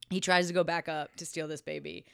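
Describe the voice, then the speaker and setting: A woman's voice: low voice, fairly quick, creaky, clean tone. A tipsy woman co-hosting a podcast who retells a film, giggling and acting out the lines. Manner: giggly, animated, acts out quotes. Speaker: podcast co-host. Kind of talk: casual chat, film recap. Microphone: close studio mic.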